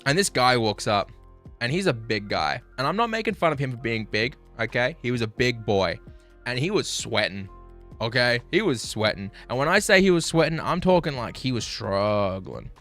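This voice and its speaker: Bright-voiced Australian man telling crude tales. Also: mid-range voice, moderate pace, faint music behind. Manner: animated, crude, self-mocking. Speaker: livestreamer. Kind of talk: casual storytelling to stream chat.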